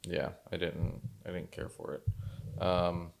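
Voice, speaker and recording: Male podcast co-host, low voice, easygoing opinions, frequent quick agreements. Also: flat delivery, creaky. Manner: laid-back, many short agreeing replies and fillers. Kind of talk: casual movie review chat.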